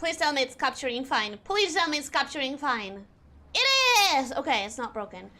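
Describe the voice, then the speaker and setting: A young adult woman streaming a game, chatting casually with her chat, excitable, laughing often and repeating herself. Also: sits high, a little fast. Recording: music playing in the background.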